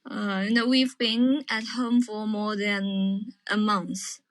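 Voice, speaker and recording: A woman calling in, speaking in a measured, careful way. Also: mid-range voice, level tone, dry recording. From China. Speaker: caller. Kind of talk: casual chat.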